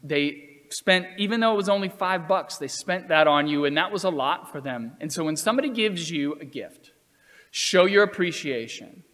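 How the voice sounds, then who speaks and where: A man's voice: on the high side, lively intonation, moderate pace, fairly bright tone, in a large hall. A man voicing a mother who first apologizes in a fluster for her son, then lectures him firmly. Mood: scolding. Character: apologetic, scolding middle-aged mother.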